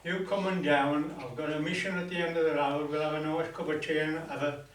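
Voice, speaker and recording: A coaxing, fast-fraying priest , as a joke teller puts him on, pleading in a voice pitched a bit high. He sounds from afar in an echoey club room. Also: steady tone, far from the mic, a little hiss or hum, close to an everyday voice. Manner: coaxing, then losing patience. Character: exasperated Irish priest, middle-aged man.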